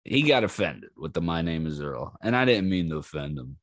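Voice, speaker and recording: Guy with a lowish voice on his podcast, telling crazy stories, swearing and laughing, doing everybody's lines, dry close sound. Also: a little fast, no room sound. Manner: animated, acts out quoted lines in raised voices. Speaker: podcast host. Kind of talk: casual storytelling monologue.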